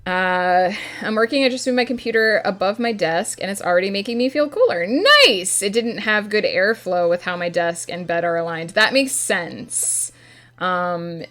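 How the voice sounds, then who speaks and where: A woman's voice: fairly low pitch, expressive, normal speed, a bit bright. A woman streaming a writing session, chatting casually with her audience and answering chat between filler words.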